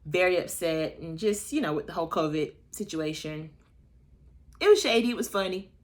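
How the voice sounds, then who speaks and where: A woman in her thirties giving a casual, sassy recap of a reality show, chatty and playfully shady, and she slips into exaggerated high voices for quotes. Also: lively intonation, normal speed. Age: 30s. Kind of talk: casual gossip commentary.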